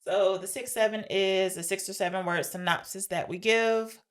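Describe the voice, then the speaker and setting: A woman's voice: medium pitch, fairly even intonation, normal speed, soft background music. A woman co-hosting a podcast, chatting casually about an old film, explaining the segments and arguing playfully. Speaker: podcast co-host. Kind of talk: casual film-review chat.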